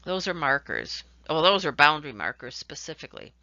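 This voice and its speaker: A woman's voice: low-pitched, sing-song, fairly quick, sharp tone, no room sound, highs cut off. A woman teaching a recorded lecture, explaining ideas with worked examples and shifting emphasis. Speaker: instructor.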